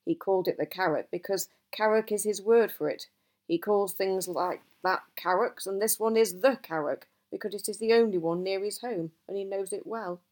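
A woman voicing an old male wizard who is gruff and easily cross, talking emphatically in a storybook reading. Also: medium pitch, normal speed, a little mellow, lightly acted. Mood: grave. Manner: emphatic, exasperated outbursts.

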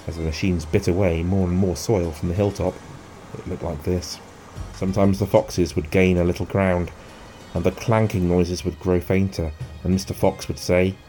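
A man with a deep, low voice reads a children's story aloud, calm and measured from line to line. Soft music plays faintly underneath. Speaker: narrator.

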